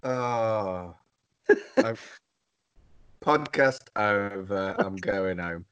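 A man's voice: fairly low pitch, takes it slowly, long pauses, a bit bright, clear, resonant tone, dull audio. A British man co-hosting a podcast, chatting casually with sweary, sardonic remarks. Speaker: podcast co-host. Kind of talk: casual film chat.

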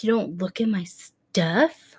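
Amid crowd noise, a podcast co-host in her thirties tells a story in a mid-range voice, taking her time. It's casual conversation with plenty of laughing and quotes she acts out.

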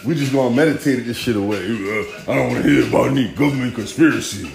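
A man's voice: mid-range voice, fast talker, vocal fry, a little mellow, voice pushed down, lightly acted. A man mimicking a naive, spiritual man who believes that meditation will solve everything. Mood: dreamy. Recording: distant echoey room, faint music.

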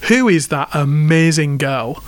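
A man's voice: fairly high pitch, lively intonation, unhurried, no echo. A middle-aged English man co-hosting a podcast, chatting casually and telling stories, laughing often and restarting his sentences. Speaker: podcast co-host. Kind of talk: casual chat.

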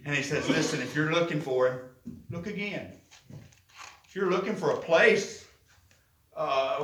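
A man's voice: a little high, unhurried, long pauses, a bit bright, echoey room, far from the mic, low-quality recording. A man preaching a sermon as pastor, with rising, impassioned emphasis and lots of repetition.

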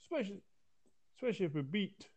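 A man's voice: sits high, expressive, fast talker, darkish tone. A man speaking as a guest on a casual sports podcast, hesitant and trailing off.

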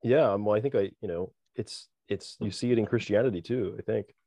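A man's voice: fairly low pitch, a little fast, dark tone, no room sound. A man hosting a casual conversation, hesitant and full of restarts while he works out his thoughts. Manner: hesitant, restarts, many fillers. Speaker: host.

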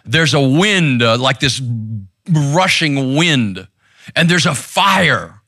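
A man's voice: fairly high pitch, expressive, slow pace, pushed and bright, dry recording, clean studio sound. A man preaching a sermon in a conversational, intense way, often checking in with "right?", seated on a stool in a church room. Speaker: pastor.

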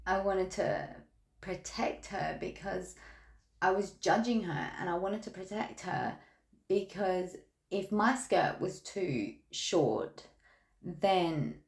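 A woman's voice: on the low side, takes it slowly, vocal fry. An Australian woman reading tarot cards in a casual podcast, talking candidly and chatting through stories. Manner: candid, chatty storytelling with laughs. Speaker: tarot reader. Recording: echoey room.

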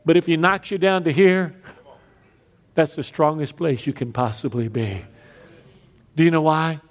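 A man preaching a sermon, telling stories with big swings between loud raised lines and quiet emphatic drops. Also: a little high, measured pace. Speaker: pastor.

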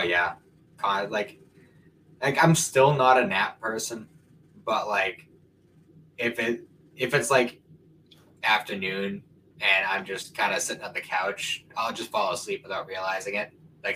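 A man's voice: lowish voice, moderate pace, pushed and bright, a little hiss or hum, poor audio. A man co-hosting a podcast in casual chat, talking in a laid-back, offhand way. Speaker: podcast co-host.

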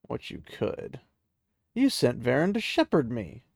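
A man giving voice to a stubborn young hero, confused and resentful, with a gravelly edge and a dry, close sound, told as a casual spoken fantasy retelling. The figure speaks indignantly and barely hides his bitterness. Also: medium pitch, huge pitch swings, a little slow, darkish tone, no room sound, full character voice.

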